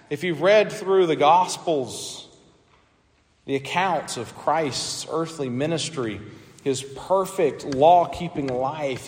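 A man in the pulpit delivering a sermon, his voice sitting at an ordinary middle pitch. He talks earnestly, restarting phrases often and building to emphatic peaks. The sound carries a long reverb from the church hall. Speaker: pastor.

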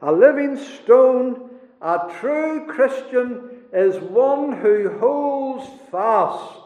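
A man preaching a sermon in a slow, emphatic way, dropping to a hush at key words, recorded in a church. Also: very high voice, expressive. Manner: slow, emphatic preaching with dramatic drops in volume. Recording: roomy, echoey church hall, dull lo-fi sound.

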